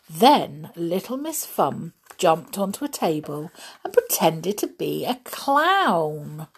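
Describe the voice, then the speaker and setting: A woman reading a children's book aloud in an expressive, gently playful way. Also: fairly low pitch, breathy edge. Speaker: storyteller.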